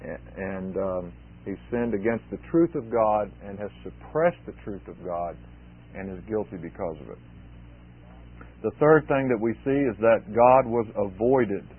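A man's voice: medium pitch, no echo. A man preaching an expository sermon, emphatic and repeating key phrases for weight. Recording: tinny phone-like sermon recording.

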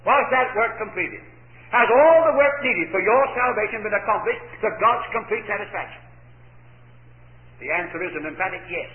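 An older man delivers a sermon in a high voice, throwing out questions to his listeners and answering them with force. The sound is thin and phone-like. It rings in an echoey space. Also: expressive, moderate pace. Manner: emphatic, rhetorical questions answered himself. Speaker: preacher.

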